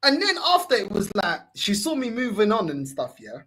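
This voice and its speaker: A young man spins a story in casual podcast talk, acting out every quote. His voice is slightly husky and his pitch swings widely. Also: normal speed. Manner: animated storytelling, acting out quotes, laughs often. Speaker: podcast co-host. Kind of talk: casual chat.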